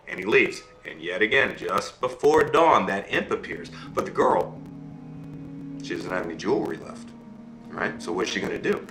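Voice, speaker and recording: A man's voice: lowish voice, unhurried, roomy sound, soft background music, low-quality recording. A man telling a fairy tale to listeners, checking in with them as he goes. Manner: animated, checks in with listeners ("okay?", "right?"). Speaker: storyteller. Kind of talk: oral storytelling.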